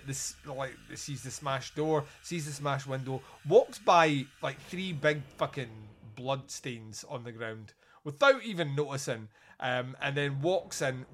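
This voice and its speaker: A man hosting a podcast, reviewing a film in casual chat, animated and swearing often. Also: fairly high pitch, slight background noise. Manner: animated, swearing, acts out lines in loud voices. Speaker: podcast host.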